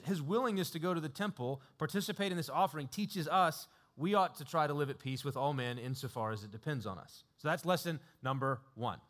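A man preaching a sermon in a relaxed, conversational storytelling way, chuckling often and using lots of fillers. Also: fairly high pitch.

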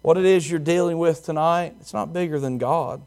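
Middle-aged male pastor, higher register, impassioned sermon delivery with hushed moments. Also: normal speed. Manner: impassioned preaching, swinging from loud to hushed.

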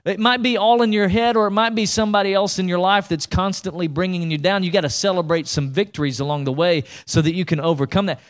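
A man preaching a sermon as pastor, energetic and repetitive, often restarting his sentences as he pushes his point. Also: sits high, quick pace, few pauses.

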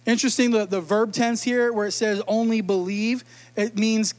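A man's voice: high voice, steady tone, normal speed, a little mellow. A man preaching a sermon in a humorous, conversational way, acting out quotes. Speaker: pastor.

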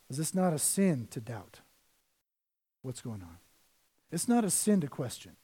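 A middle-aged man preaching a sermon as pastor, swinging between hushed asides and loud, emphatic scripture reading. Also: a little high, sing-song, a little slow, pauses often, breathy edge.

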